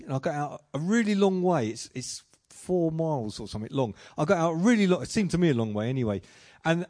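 A man's voice: fairly high pitch, darkish tone. A man delivers a sermon in a loose, conversational way, with a voice sitting a little above the usual male range. He mixes Bible retelling with self-deprecating personal stories. He often trips over his words and restarts sentences. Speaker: preacher.

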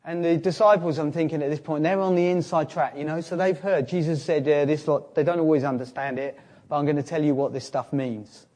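Preaching to a congregation, this man tells a biblical story, shifting between booming emphasis and quiet, drawn-out passages. His pitch leans toward the high side.

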